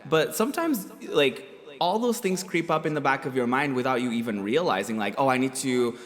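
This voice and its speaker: A man's voice: medium pitch, expressive, fairly quick, long reverb tail. A man hosting a casual chat show, campy and playfully teasing. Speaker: host.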